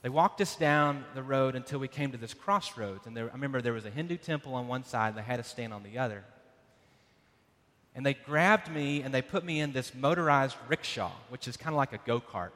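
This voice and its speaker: A man preaching a sermon, telling a dramatic personal story with loud bursts and hushed passages. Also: mid-range voice, brisk. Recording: long hall reverb.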